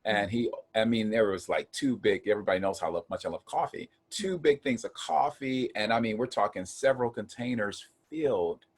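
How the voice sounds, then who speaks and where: A man from Ohio earnestly telling a personal story of hard times in a casual chat, getting animated when he acts out quotes. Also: on the low side, a little fast, hardly any pauses, husky. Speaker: guest.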